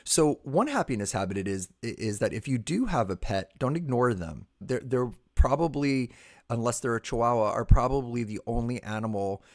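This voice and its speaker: A man hosting a casual podcast chat, animated and teasing, his voice jumping up when he laughs. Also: mid-range voice, moderate pace. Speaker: podcast host.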